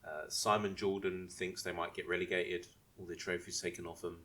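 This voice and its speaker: A man's voice: low-pitched, level tone, moderate pace, fairly bright tone. A man co-hosting a casual podcast chat, rambling through his points with many restarts. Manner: rambling, restarts and asks if he may speak. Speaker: podcast co-host.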